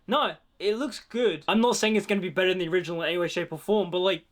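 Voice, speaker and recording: A man's voice: high voice, fast. A man giving a casual, chatty reaction to a film trailer, dropping "like" into nearly every sentence. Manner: chatty, leans heavily on "like".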